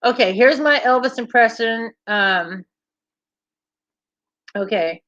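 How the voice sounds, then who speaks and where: Bubbly and quick to laugh, a woman hosting a livestream talks casually with viewers and reacts to their live comments. She has a medium-pitched, slightly bright voice and an unhurried delivery. The sound is lo-fi with no echo.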